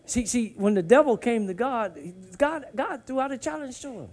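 Man, preacher, very high voice, call-and-response, hushed then shouting. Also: animated, normal speed. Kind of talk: sermon.

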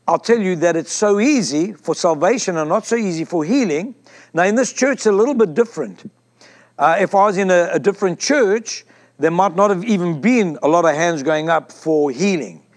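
A man's voice: high voice, expressive, normal speed. A man preaching a sermon to his congregation, emphatic and repetitive, often asking the listeners questions. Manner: emphatic, repeats phrases and asks the congregation questions. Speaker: pastor.

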